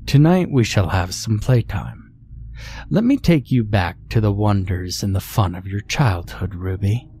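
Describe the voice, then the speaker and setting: A man's voice: on the low side, lively intonation, unhurried, mellow, a little hiss or hum. A man doing a sinister courtly doctor. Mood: sly. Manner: grand, courtly, speaks of "my dear". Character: old-fashioned male doctor, theatrical, sinister showman.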